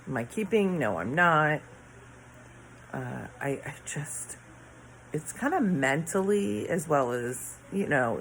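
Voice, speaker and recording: Woman, middle-aged, tired, yawning, rambling, sighing, slow, faint background noise. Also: sits low, rough recording. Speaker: vlogger. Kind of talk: casual late-night chat to camera. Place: her bedroom at home.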